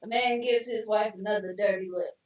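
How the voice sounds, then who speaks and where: A woman's voice: medium pitch, steady tone, fairly quick, muffled recording. A woman co-hosting a casual show, reading jokes aloud and then explaining them with teasing remarks. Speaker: co-host. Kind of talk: casual joke-telling chat. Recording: echoey room, far from mic.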